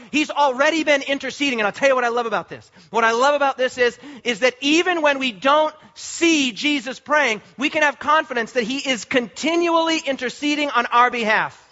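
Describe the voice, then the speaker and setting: High-voiced impassioned male preacher. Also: muffled recording. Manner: impassioned, rising to shouts, repeats phrases for emphasis. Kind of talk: sermon.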